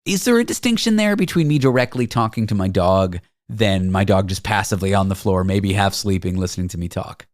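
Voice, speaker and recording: Male host, chatty and curious, animated pitch, dead dry studio sound. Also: fairly quick, dry recording. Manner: curious, lively, joking asides. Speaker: radio show host. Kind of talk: interviewing a guest.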